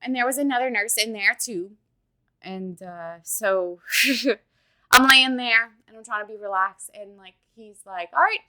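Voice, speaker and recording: A woman in her thirties from Louisiana, telling a personal story in a halting, emotional way and retelling conversations with "I was like.". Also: on the high side, sharp tone, rough recording. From Louisiana, USA. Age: 30s. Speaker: interviewee sharing a personal story. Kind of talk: casual spoken recollection.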